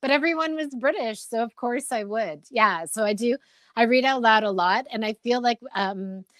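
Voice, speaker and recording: A woman's voice: a little high, dry recording. Rhythmic middle-aged woman author, dry sound. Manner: rhythmic, measured reading; animated, expressive talk. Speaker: poet and novelist, guest author. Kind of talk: literary reading, then interview talk.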